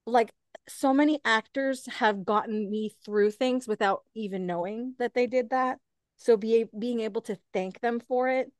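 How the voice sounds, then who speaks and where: A woman's voice: on the high side, unhurried, no echo, clean studio sound. Chatty young woman host. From Canada. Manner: gushing, chatty, many "like" fillers. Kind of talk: casual interview chat.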